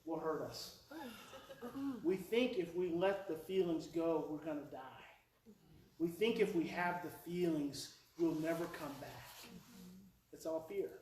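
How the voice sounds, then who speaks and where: A man in his forties with an Oklahoma accent gives a live parenting workshop, telling stories with emotion and repeating his key points. His voice sits high for a man. The roomy hall and the distance to the mic leave his speech echoey and a bit remote over a faint hiss. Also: a little slow, pauses often. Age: 40s. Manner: animated, emotional storytelling with repeated phrases. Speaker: parenting educator and presenter. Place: presentation hall before a live audience.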